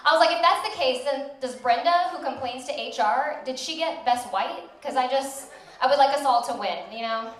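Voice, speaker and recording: A young woman doing a stand-up comedy set on a club stage, delivering deadpan, self-mocking punchlines. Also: sits high, brisk, a little hiss or hum. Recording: echoey club, voice from far off.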